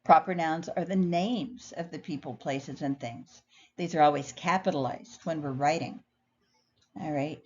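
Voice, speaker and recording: A woman's voice: sits low, a little slow, a little mellow. Woman teaching a recorded lesson, lo-fi. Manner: clear, patient explaining. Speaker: ESL instructor. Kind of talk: recorded lecture over slides. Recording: dull lo-fi sound, faint noise.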